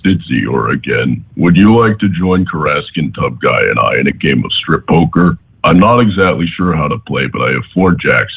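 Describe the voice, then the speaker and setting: A man calling in on a phone line and voicing a gloomy, crude male donkey in a slow, droning impression. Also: very deep voice, vocal fry, slightly rough, full character voice. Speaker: caller.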